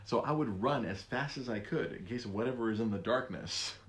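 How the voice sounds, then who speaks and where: A man in his thirties hosting a casual podcast chat, talking haltingly with lots of restarts and frequent laughter. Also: medium pitch. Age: 30s. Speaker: podcast host.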